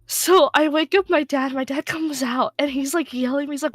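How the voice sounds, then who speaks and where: A woman who voice-acts, casually telling a story during a game stream, animated and swearing, with loud excited bursts. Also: high-pitched, a little fast, no echo. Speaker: guest co-player, voice actor.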